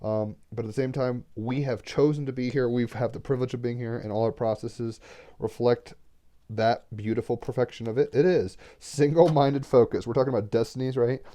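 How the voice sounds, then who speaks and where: A man's voice: mid-range voice, steady tone, a little fast, mellow. A man doing a casual tarot card reading, rambling and getting emotional as he talks, swearing freely.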